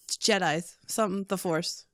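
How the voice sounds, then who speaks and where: A woman's voice: on the low side, normal speed, dry recording. Bubbly woman guest, dry sound. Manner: bubbly, squeals when quoting her own excitement. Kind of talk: casual podcast chat.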